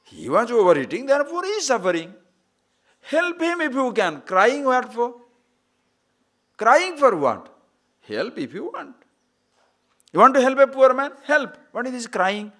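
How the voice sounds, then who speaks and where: A man's voice: very high-pitched, big pitch swings, moderate pace, long pauses, a bit bright. A man giving a spiritual discourse as a swami, asking rhetorical questions and acting out quoted voices. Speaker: swami teaching scripture.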